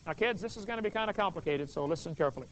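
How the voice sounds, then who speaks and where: A man's voice: high voice, animated, very fast, a bit bright. A man giving a joking Bible lecture to a live audience, folksy and full of questions for the crowd. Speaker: creation seminar speaker. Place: stage with a display table. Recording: dull lo-fi video recording.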